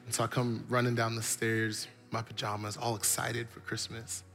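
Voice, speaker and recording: A man's voice: mid-range voice, little pitch movement, moderate pace, vocal fry, a bit bright, soft background music. A man preaching a sermon, telling stories with animation and building his points through repetition. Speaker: pastor.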